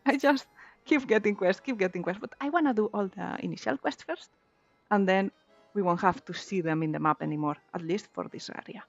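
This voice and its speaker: A woman chatting casually while streaming a video game, giggly and quick to repeat and restart her words. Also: medium pitch, vocal fry, no echo. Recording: slightly dull lo-fi mic. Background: faint background music.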